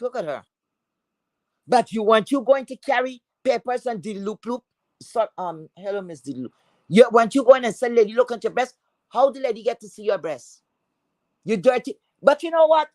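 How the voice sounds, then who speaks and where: A woman's voice: fairly high pitch, a little mellow, no room sound. A woman from Philadelphia hosting a livestream, ranting and taunting a rival with heavy profanity. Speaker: livestream host.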